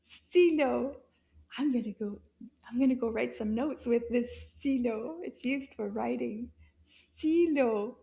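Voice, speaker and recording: Woman, kids' teacher, slow and gentle, high mellow voice, soft whispers. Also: creaky. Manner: gentle, drops to whispers with gasps of surprise. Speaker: children's French teacher. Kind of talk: slow kids' lesson, words repeated.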